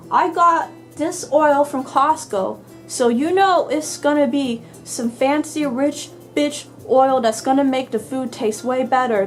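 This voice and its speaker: A woman's voice: high-pitched, low-quality recording. A young woman giving a casual cooking tutorial in her home kitchen, chatty, crude and swearing freely, easily grossed out. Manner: easily disgusted, grumbling. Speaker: cooking vlogger.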